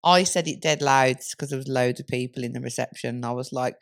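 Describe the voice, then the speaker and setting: A woman's voice: a bass voice, quick pace. A woman co-hosting a podcast, casually telling a story with lots of laughter and swearing. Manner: giggly, swearing, animated storytelling. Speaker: podcast co-host.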